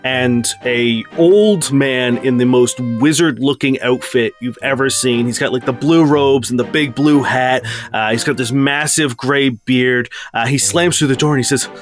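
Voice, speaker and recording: A relaxed man narrates a tabletop game as its master, rambling easily with plenty of fillers. His voice sits at a middle pitch, and soft music plays behind him. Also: a little slow, few pauses. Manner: casual, loose narration with many fillers.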